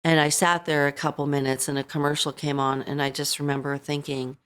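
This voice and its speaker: A middle-aged woman, a podcast guest, telling a painful personal story in a halting way, full of "you know" and re-enacted lines. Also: deep voice, level tone, smooth. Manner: halting, full of you-knows, re-enacting her own words.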